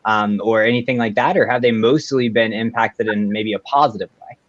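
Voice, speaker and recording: A man's voice: fairly low pitch, steady tone, a little fast, no room sound, dull audio. A man hosting a live online talk show, reading out viewer greetings and joking around. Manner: playful, reads out viewer greetings. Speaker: podcast host. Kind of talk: casual live-show chat.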